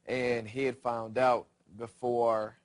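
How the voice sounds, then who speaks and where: A man calmly explaining his side of a story in a documentary interview. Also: medium pitch, takes it slowly.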